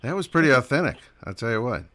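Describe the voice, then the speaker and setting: A man's voice: medium pitch, big pitch swings, quick pace, fairly bright tone. A man hosting a radio show, chatting casually and easily, with frequent fillers and chuckles. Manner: easygoing, filler-heavy, chuckles often. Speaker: radio host. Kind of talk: casual on-air chat.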